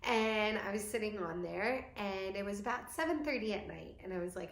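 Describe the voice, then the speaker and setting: A young woman shares a painful personal story in a candid, talky way, full of fillers. Her voice sits at a middle pitch. The room around her is echoey. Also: expressive, moderate pace, vocal fry, few pauses. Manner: candid, tearful storytelling with frequent "like". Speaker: vlogger.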